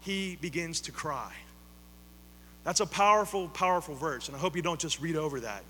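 Man preaching, high and bright, repeats lines for emphasis, church hall echo with faint hum. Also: moderate pace. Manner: emphatic, repeats phrases, rises to loud appeals. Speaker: pastor. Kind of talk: sermon.

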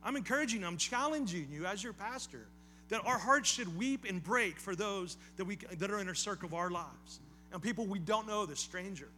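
A man preaching to his congregation in a high, bright voice. He keeps it conversational with casual asides, then repeats phrases and leans into emphatic appeals. A faint hum sits under the recording. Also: lively intonation, brisk. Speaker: pastor. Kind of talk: sermon.

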